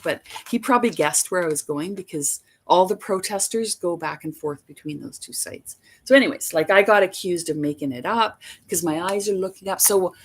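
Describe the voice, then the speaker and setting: A woman with a low, gravelly voice tells a long story on her livestream. She rambles and doubles back, and she leans hard on the details she is certain of. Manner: rambling, emphatic retelling. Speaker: livestream host.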